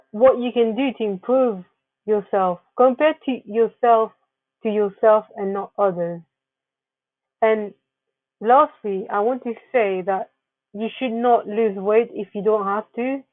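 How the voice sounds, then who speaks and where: A woman's voice: a little high, dry recording. Woman talking through slides, earnest advice, restarts a lot, tinny phone-ish sound. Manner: earnest, advising, with frequent restarts. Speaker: wellness presenter. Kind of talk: narrated slideshow presentation.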